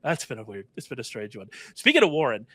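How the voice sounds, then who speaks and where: A man talking through a fantasy football draft in casual chat, chatty and quick to correct himself. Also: mid-range voice, wildly swooping pitch, a bit bright, slightly rough, dry recording. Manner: chatty, self-correcting, laughs often.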